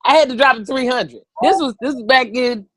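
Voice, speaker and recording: A woman in her thirties, a comedian telling a story, animated and profane, acting out the voices of people in it. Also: high voice, fairly quick, no echo. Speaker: comedian guest. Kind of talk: comic storytelling.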